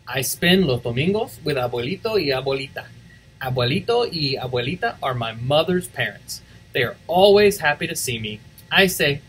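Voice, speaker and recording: A man reading a picture book aloud for school morning announcements, expressive and switching between English and Spanish. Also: mid-range voice, normal speed, husky, poor audio. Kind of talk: read-aloud storytelling.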